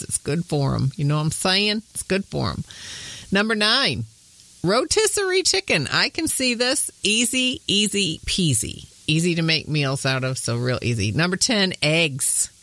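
A Michigan woman in her thirties hosts a podcast, chatting in a homey way and laughing often, with a Midwestern accent touched by Southern speech. Her voice is extremely low-pitched yet fairly bright and expressive, at normal speed with no echo.

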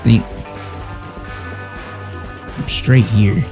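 A man's voice: on the low side, fairly even intonation, drawn-out words. Jumpy young man commenting on a game. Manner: jumpy, joking, talks to himself. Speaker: gamer. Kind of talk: let's-play commentary. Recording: game music underneath.

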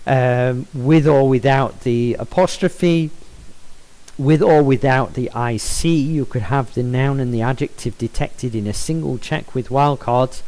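A man walking through a software stylesheet in a screen-recorded tutorial, measured and explanatory, with frequent ums and self-corrections. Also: medium pitch, clean tone, rough recording.

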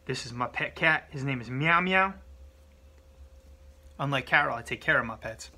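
A man playing a boastful male big-cat sanctuary owner in a loud showman manner, filmed on a phone at arm's length outdoors. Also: mid-range voice, animated, normal speed, full character voice. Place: outdoors on a home property. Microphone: phone held at arm's length.

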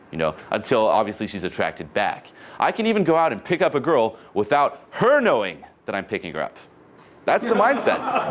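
Guy giving a dating coaching talk, super animated, keeps acting out little conversations. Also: medium pitch, slight background noise.

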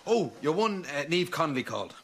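An actor playing a naive, cheerful young priest in a sitcom. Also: male voice, on the high side, very animated, a little fast, a bit bright. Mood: chatty. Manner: naive, blurting. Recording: noisy TV sitcom audio.

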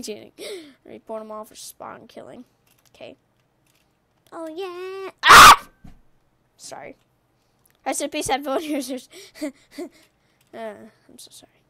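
A woman calling out her own video game play, with a high, bright voice that keeps breaking into loud, gleeful yelps and playful trash talk. The sound is close and dry, with no room around it. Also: no echo. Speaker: gaming YouTuber. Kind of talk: excited gaming commentary.

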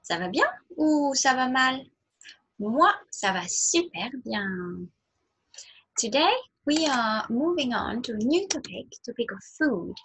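Slow, sing-song woman teaching toddlers. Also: on the high side, animated, fairly bright tone, slight background noise. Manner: slow, sing-song modelling of words for small children. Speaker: French teacher. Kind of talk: nursery language lesson.

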